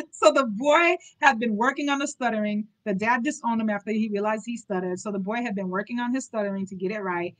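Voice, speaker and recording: A woman's voice: fairly high pitch, fast talker, hardly any pauses, a bit bright, rough recording. A woman hosting a live book club reading, reading aloud and breaking off into informal, chatty commentary.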